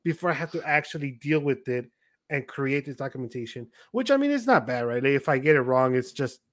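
A young man hosting a casual podcast chat, telling stories in an animated way and quoting himself and others. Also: mid-range voice, fairly quick, no room sound, clean studio sound. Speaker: podcast host.

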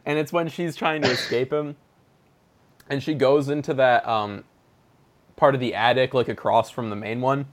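A man chatting casually, animated, laughing often and using lots of fillers. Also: medium pitch, moderate pace, long pauses. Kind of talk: casual chat.

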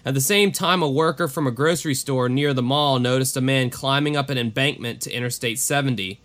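A man's voice: mid-range voice, brisk, a bit bright. A man co-hosting a casual true-crime podcast, reading case notes and breaking off into profane, offhand asides. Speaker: podcast co-host.

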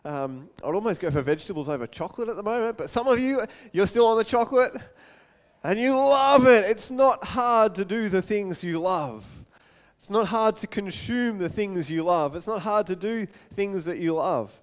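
A male pastor preaches a sermon in a chatty, animated style, sprinkling in light self-deprecating humour and quick asides. His voice is high.

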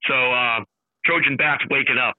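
A man calling in as a sports announcer, telling an excited, jokey story at a rapid clip. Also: medium pitch, no echo. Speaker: guest, sports play-by-play announcer. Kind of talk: animated storytelling chat. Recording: tinny phone line.

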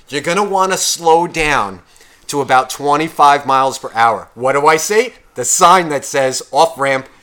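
Speaking at a medium pitch with a somewhat bright tone, this man co-hosts a podcast. In casual conversation he gets heated and swears as he retells a story, voicing the quotes of others in an agitated way.

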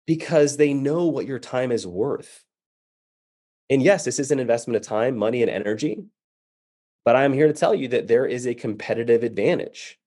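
A man delivers a motivational keynote as an animated storyteller. His voice sits at a middle pitch, and he acts out the people in his anecdote with real energy. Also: slightly rough. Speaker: keynote speaker.

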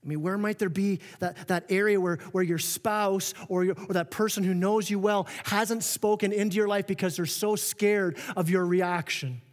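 Guy preaching in a big echoey church, talks kinda high, keeps restarting his sentences. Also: normal speed, hardly any pauses. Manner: earnest, animated preaching with frequent restarts and quoted asides. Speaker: pastor. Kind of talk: sermon. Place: church auditorium. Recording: long reverb of a church hall.

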